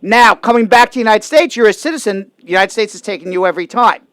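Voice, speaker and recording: High-pitched emphatic lawyer host, a man. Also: a bit bright, no room sound. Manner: emphatic, explains rapidly and repeats points. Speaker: immigration lawyer hosting a call-in show. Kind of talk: call-in legal advice show.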